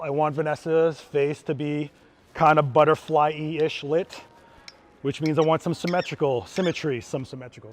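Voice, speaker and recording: On a trade show floor, a male photographer runs a live, hands-on gear demo with slight background noise. His voice is a touch higher than most men's. Casual and excited, he walks the audience through every step like a friendly, chatty teacher.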